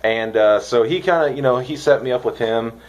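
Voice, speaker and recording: A young man from the United States rambling excitedly in a casual vlog, swearing now and then. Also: medium pitch, normal speed. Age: young adult. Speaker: vlogger reviewing dip.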